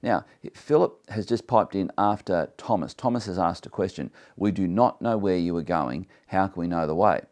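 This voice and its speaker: Deep-voiced man teaching the Bible. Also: moderate pace, few pauses, darkish tone. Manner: earnest, reads scripture aloud then explains it; emphatic, with repeated restarts.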